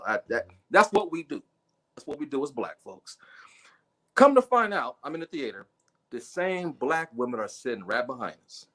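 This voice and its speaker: A man's voice: fairly high pitch, big pitch swings, moderate pace, fairly bright tone, slight background noise. A man telling a funny personal story in a casual livestream chat, acting out the people he quotes with big jumps in his voice. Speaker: guest storyteller. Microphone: video call.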